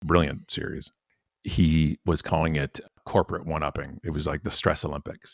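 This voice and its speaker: A man's voice: rumbling low, fairly even intonation, a little fast, no room sound, clean studio sound. A man in his forties, a professional speaker, talking emphatically and animatedly as a podcast guest. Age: 40s. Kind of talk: conversational podcast interview.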